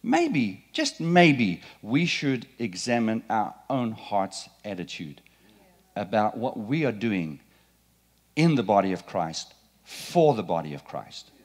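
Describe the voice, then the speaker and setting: A middle-aged man preaching a sermon in a church, playful and animated, quizzing the congregation. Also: fairly low pitch, slow. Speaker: pastor. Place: church sanctuary.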